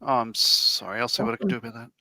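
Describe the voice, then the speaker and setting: A man hosting a casual livestream over a video call, full of quick jokes and quips. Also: mid-range voice, sing-song, pushed and bright, no room sound.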